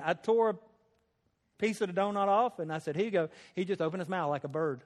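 A slightly high-voiced man tells a personal testimony in a folksy, chatty way. His voice rings out with a long reverb through a large hall. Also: fast talker. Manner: folksy, conversational, with laughter. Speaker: speaker sharing a personal testimony. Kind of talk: storytelling testimony.

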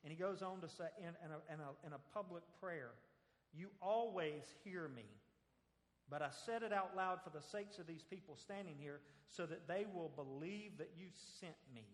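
A man's voice: fairly high pitch, moderate pace, in a large hall. A man preaching a sermon, speaking conversationally and acting out the scripture quotes, with rhetorical questions to the congregation. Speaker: pastor.

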